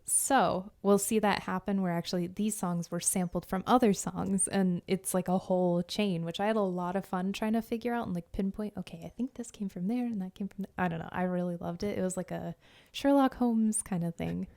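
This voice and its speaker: A woman's voice: fairly low pitch, fairly even intonation, normal speed, creaky, darkish tone, no room sound, clean studio sound. A woman co-hosting a casual podcast chat, talking about music in an enthusiastic, chatty way with lots of fillers. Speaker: podcast co-host.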